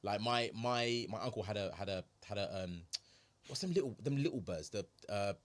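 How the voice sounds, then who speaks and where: A man's voice: fairly low pitch, moderate pace. A man, co-hosting a podcast in casual joking chat, swearing freely. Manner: joking, swears, animated bursts of laughter. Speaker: podcast co-host.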